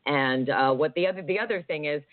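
A woman's voice: sits low, a little fast, no echo. Woman, radio co-host, rambling casual chat, phone-like tinny audio, dry. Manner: chatty, rambling, fillers.

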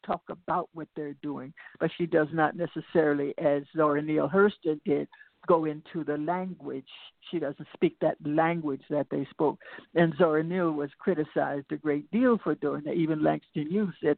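An older woman talks as an interview guest, her voice gravelly and textured. She tells stories reflectively, drifting off on side paths and restarting before circling back. It comes through a tinny, phone-like line with a dry, close sound. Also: low-pitched, no room sound. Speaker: interview guest, singer and lecturer. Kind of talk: reflective conversational storytelling.

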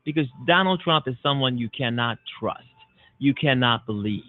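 A man hosts a political talk radio show, hammering his points home with emphatic, repeated declarations. His voice sits at a middling pitch and comes through a narrow, tinny phone-like line. The sound is dry, with no room around it. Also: animated, normal speed, dry recording. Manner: emphatic, repetitive, punchy declarations. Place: Chicago-based internet radio show.

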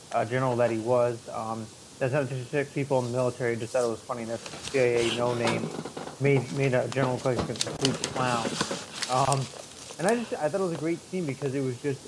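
Man, podcast co-host, rambling movie chat, mid pitch, faint hiss and clicks behind. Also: low-quality recording. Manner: rambling, many fillers and restarts. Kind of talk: casual movie review chat.

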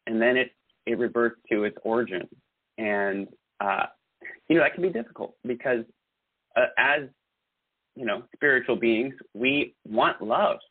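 Guest host, male, mid-pitched, earnest and rambling; tinny phone-line sound. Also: unhurried, long pauses, breathy edge, no echo. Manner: earnest, rambling with filler words and restarts. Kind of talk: casual podcast chat.

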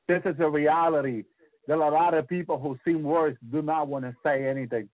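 A man's voice: on the high side, steady tone, fairly quick, no echo. A man preaching a fervent sermon about his visions, breaking in with hallelujahs and repeating words as he goes. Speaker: radio preacher. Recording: tinny phone-like radio sound.

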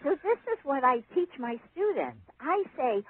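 A woman guest, an author and teacher, telling stories in a casual interview, animated and laughing often. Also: high voice, moderate pace. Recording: phone-line audio.

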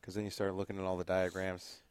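A man's voice: low-pitched, monotone, fast talker, clear, resonant tone, dry recording. A man co-hosting a podcast, chatting casually and rambling a bit. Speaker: podcast co-host.

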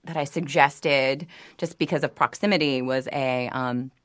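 Low-voiced woman from new orleans telling stories on a podcast, laughs a lot, bone dry close mic. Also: measured pace, no echo. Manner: animated storyteller, laughs often, many restarts. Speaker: voice actor guest. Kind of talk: casual interview.

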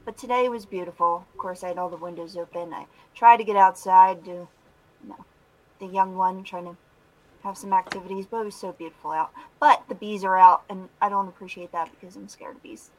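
A woman with a Philadelphia accent co-hosting a casual talk show, chatty and quick to laugh. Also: medium pitch, fairly even intonation, rough recording. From Philadelphia area, USA. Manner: chatty, giggly, laughs often. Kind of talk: casual podcast chat.

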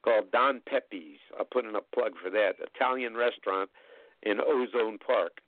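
An older man telling rambling, chatty anecdotes as an interview guest, with frequent pauses. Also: fairly low pitch, no room sound, narrow, tinny audio. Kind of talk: storytelling anecdotes in casual conversation.

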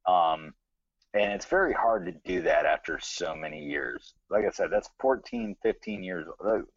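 Low-voiced Southern man rambling casually. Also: moderate pace, dry recording, lo-fi sound. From American South. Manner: rambling, profane, many fillers. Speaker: podcast co-host. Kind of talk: casual chat.

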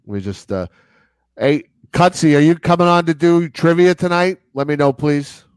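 A man co-hosting a casual sports radio show with sarcastic, animated banter. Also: on the high side, normal speed, smooth, no room sound. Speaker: co-host.

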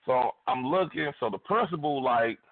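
A man's voice: medium pitch, normal speed. A man co-hosting a radio talk show, telling crude, profane stories and acting out the voices of the people in them. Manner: profane, animated, acts out voices in his stories. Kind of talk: crude comedic storytelling. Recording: phone-like band-limited radio audio.

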